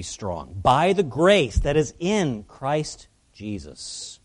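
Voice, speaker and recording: A male pastor delivering an expository sermon in an average-pitched voice. He preaches earnestly and with emphasis, lifting his voice to stress a point and then dropping back to a steady teaching tone. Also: drawn-out words, few pauses.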